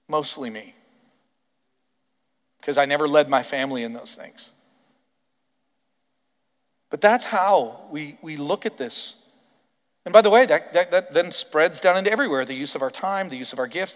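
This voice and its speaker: High-voiced Canadian pastor preaching. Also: male voice, in a large hall. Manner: emphatic, animated, many rhetorical questions. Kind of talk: sermon.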